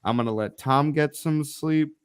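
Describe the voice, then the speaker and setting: A man's voice: fairly high pitch, normal speed, clear, resonant tone, no room sound, studio quality. A man co-hosting a live online show, talking in a brash, profane, teasing way. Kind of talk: casual live-stream chat.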